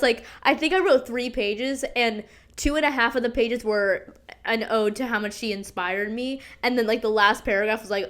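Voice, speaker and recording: A young woman hosting a podcast, chatting through a story in a dramatic, gossipy way, full of "like", swearing and bursts of laughter. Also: on the high side. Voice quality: animated, breaks into laughter and squeals. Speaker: podcast host. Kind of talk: casual storytelling chat.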